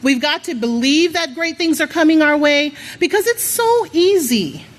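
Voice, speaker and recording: High, lively woman preaching. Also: normal speed. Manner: lively call-and-response, coaxing the crowd. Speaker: church speaker. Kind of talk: motivational sermon. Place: large worship hall.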